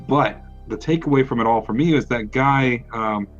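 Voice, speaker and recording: A man's voice: mid-range voice, normal speed, dull audio, faint music behind. A man co-hosting a podcast in casual chat, laughing often and mocking people in quoted voices. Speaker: podcast co-host.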